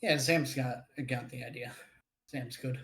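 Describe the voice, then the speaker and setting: A man playing a tabletop game in a low-key, laid-back way. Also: a little slow, fairly bright tone, roomy sound. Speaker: player. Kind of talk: casual tabletop play.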